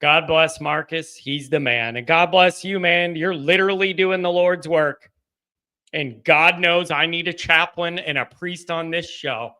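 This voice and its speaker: Subdued, halting male call-in host. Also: fairly high pitch, pushed and bright. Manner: subdued, halting, with frequent restarts. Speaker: host of a live call-in fan show. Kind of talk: casual live-stream chat, reading donations.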